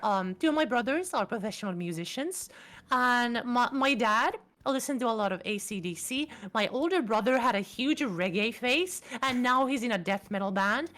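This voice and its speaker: A young woman with a Finnish accent, a VTuber guest chatting casually in an interview, full of fillers and quick asides. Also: a little high, fairly bright tone. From Finland.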